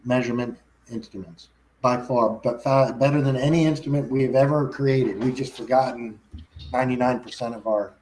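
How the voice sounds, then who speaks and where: Talk show guest, male, mid-pitched, rambling delivery full of restarts. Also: steady tone, a little fast, darkish tone, a little hiss or hum, poor audio. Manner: rambling, frequent restarts and self-corrections. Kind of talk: casual chat.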